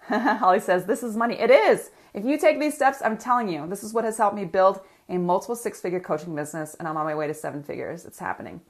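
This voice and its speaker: Speaking fast at a medium pitch, a woman runs a live coaching session as a business coach, addressing viewers with energy and reading their comments aloud.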